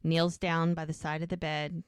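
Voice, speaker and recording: A woman's voice: deep voice, flat delivery, normal speed, clean tone, no room sound, clean studio sound. A woman co-hosting a podcast, casually retelling a TV episode scene by scene in a run-on storytelling way. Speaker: podcast co-host.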